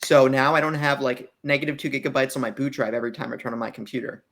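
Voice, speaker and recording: A man's voice: mid-range voice, little pitch movement, fast, vocal fry, fairly bright tone. A man co-hosting a podcast, chatting casually in a rambling way that often trails off mid-sentence. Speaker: podcast co-host. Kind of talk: casual chat.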